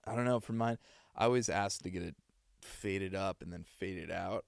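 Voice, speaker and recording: A man's voice: low-pitched, fairly quick, gravelly, no echo, clean studio sound. A man, a voice actor, chatting with his stream viewers in a loose, rambling way. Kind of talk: casual live-stream chat.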